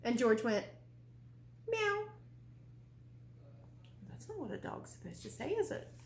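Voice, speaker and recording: A young adult librarian reads a children's picture book aloud at storytime in a library room, her voice on the high side with big pitch swings and a slightly fast pace. She's playful and full of questions for the kids, and the recording has background noise and roomy echo.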